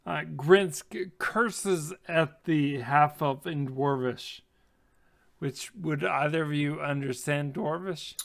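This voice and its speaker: Guy running a d&d game, slow, gravelly, lotta uhs. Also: a little high. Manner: unhurried, many fillers. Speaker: game master. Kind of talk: narrating a tabletop game.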